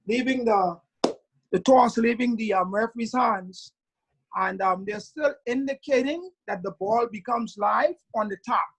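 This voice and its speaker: A middle-aged man teaching referees over a video call in an online training lecture, emphatic and drawing out key words slowly. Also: very high-pitched, a bit bright, slightly rough, poor audio. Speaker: referee instructor.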